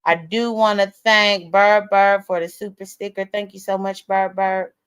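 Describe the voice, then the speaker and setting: A woman's voice: mid-range voice, little pitch movement, unhurried, clear, resonant tone. Blunt, profane woman live-streaming. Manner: talks straight to viewers as "y'all". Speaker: livestream host. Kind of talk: casual live-stream commentary.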